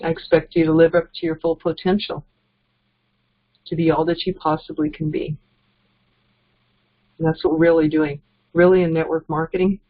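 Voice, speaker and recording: A woman's voice: low voice, level tone, moderate pace, pauses often. A woman giving a casual, earnest motivational training talk as a network marketing trainer, chuckling between points. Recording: dull lo-fi recording.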